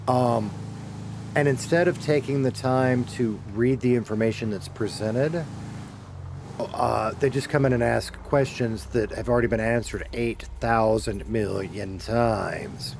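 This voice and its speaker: A middle-aged man chatting with his viewers while he plays, in a loose, meandering way, often swearing and going back to fix what he just said. His voice sits at an ordinary pitch, with a faint hiss of noise behind it. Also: measured pace, vocal fry. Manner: rambling, self-correcting, swears casually. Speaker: streamer. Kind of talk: casual chat while gaming.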